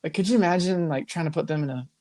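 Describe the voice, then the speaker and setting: A man's voice: on the high side, quick pace. A young man co-hosting a podcast in casual comedic chat, laughing often. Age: young adult. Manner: animated, laughs often, acts out silly voices. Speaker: podcast co-host.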